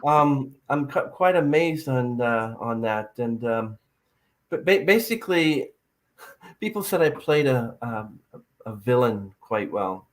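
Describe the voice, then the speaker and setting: A man's voice: mid-range voice, expressive, takes it slowly. A man hosting a podcast interview, rambling and hesitant with many fillers. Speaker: podcast host. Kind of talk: casual interview chat.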